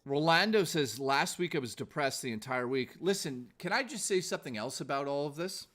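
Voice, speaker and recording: A streamer host with a slightly high, somewhat bright voice talks briskly and animatedly into a desk mic. Losing his voice, he speaks earnestly and motivationally to his live stream viewers, cursing freely.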